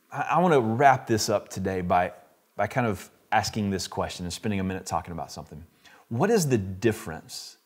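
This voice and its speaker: A male pastor preaching a sermon in an earnest, reflective way, posing questions to listeners. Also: fairly low pitch.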